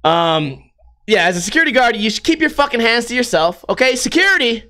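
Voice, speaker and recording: A man delivering a casual vlog monologue, animated and full of swearing. His voice is high-pitched and bright. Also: fairly quick. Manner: profane, animated storytelling with laughs. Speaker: vlogger.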